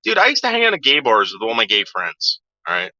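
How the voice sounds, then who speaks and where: A man's voice: mid-range voice, huge pitch swings, fast, pushed and bright, dry recording. A man telling a story from his past in a casual, profane way, acting out the voices of the people he quotes. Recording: dull lo-fi sound.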